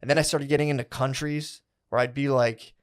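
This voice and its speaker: A man in the middle of a comedy podcast, spinning a long, wandering story. He talks in a loose, casual way, and "like" and "dude" fill nearly every phrase. His voice sits at an ordinary middle pitch, and the swearing comes out easily. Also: flat delivery, quick pace.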